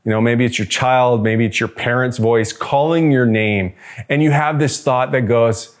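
A male pastor delivering a sermon in a relaxed, conversational way. He reflects aloud and turns to the congregation with rhetorical questions, his voice at an ordinary middle pitch. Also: moderate pace.

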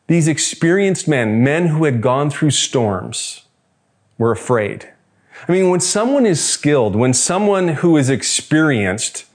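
Conversational man preaching a reflective sermon. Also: mid-range voice. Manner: conversational, reflective, with rhetorical questions. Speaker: pastor.

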